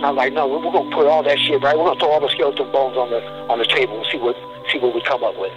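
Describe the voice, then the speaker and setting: A man's voice: mid-range voice, fairly even intonation, rapid-fire, music in the background, poor audio. A man speaking as a criminal defendant in a heated monologue, agitated and stumbling over many restarts.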